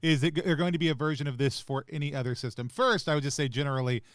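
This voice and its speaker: A man's voice: fairly high pitch, fast, no echo, studio quality. A man hosting a casual live interview, passing on a viewer's question in a conversational way. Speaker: host.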